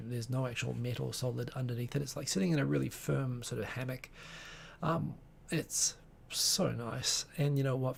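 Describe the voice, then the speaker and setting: A man's voice: mid-range voice, gravelly, darkish tone, breathy edge. A man hosting a live stream, chatting casually in a rambling, digressive way with many restarts. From Tokyo-based.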